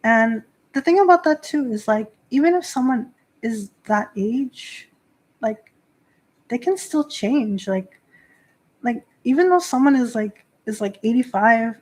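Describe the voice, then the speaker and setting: A woman's voice: a little high, expressive, measured pace, a little mellow. A woman in her thirties hosting a casual livestream talk as a priestess. She answers chat in a chatty, filler-heavy way and laughs often. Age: 30s. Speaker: host and Shinto priestess.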